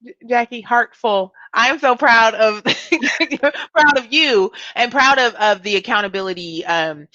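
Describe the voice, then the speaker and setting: A woman host and business coach chatting casually, encouraging and laughing, with halting restarts. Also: fairly high pitch, pushed and bright, no echo. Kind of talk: casual interview chat. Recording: dull lo-fi audio.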